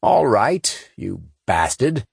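A man's voice: fairly low pitch, expressive, a little slow, husky, dry recording, clean studio sound, pitched above the performer's own voice. A man voicing a terse, commanding male gunnery sergeant in an audiobook.

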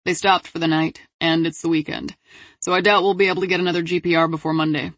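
A woman's voice: lowish voice, flat delivery, fast talker, no room sound, natural voice. A woman voicing a male detective giving a matter-of-fact case briefing over the phone in an audiobook. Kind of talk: audiobook character voice.

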